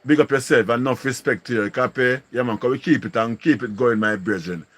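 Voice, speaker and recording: Man, Jamaican accent, live stream host, casual chat, slangy catchphrases, mid-range pitch. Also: fairly quick, fairly bright tone. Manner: slangy, repeats catchphrases, greets viewers. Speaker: livestream host.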